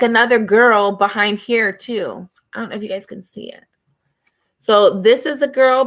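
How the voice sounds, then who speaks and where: A woman's voice: mid-range voice, a bit bright. A woman giving a casual tarot reading to camera, talking in a chatty, rambling way with many fillers. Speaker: tarot reader.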